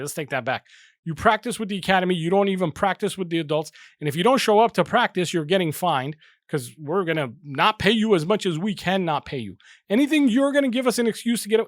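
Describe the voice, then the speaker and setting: A man's voice: high-pitched, no room sound, clean studio sound. A young man hosting a football fan channel, ranting heatedly and repeating himself for emphasis. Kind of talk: passionate casual rant to camera.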